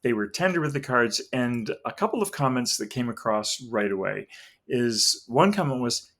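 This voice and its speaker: A middle-aged man talking as the guest in a relaxed interview. He is an animated storyteller and slips in and out of the voices of the people he quotes. His pitch climbs high when he mimics someone. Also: normal speed. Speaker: guest, tarot reader. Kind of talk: casual interview talk, anecdotes.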